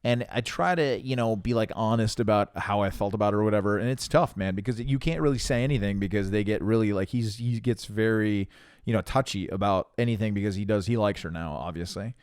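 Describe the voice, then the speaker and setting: A man's voice: lowish voice, fairly quick, a little mellow, clear, resonant tone, no echo. A young man co-hosting a podcast, telling a rambling story in casual chat, swearing often and restarting his sentences. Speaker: podcast co-host.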